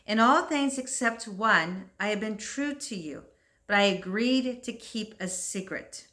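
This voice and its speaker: A woman's voice: mid-range voice, expressive, measured pace, bright, forceful tone. A woman reading as a remorseful pleading young woman.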